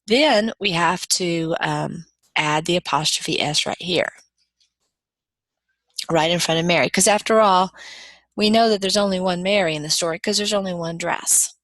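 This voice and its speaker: Patient woman lecturer, low voice, dry sound. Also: moderate pace, fairly bright tone, no echo. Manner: patient, explanatory, with small restarts. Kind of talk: recorded grammar lecture.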